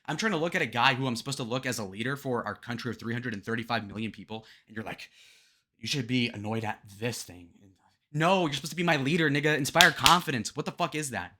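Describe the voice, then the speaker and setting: Bright, lively, profane young man ranting. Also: medium pitch, fast, hardly any pauses. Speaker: political commentary host. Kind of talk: reaction commentary on debate clips.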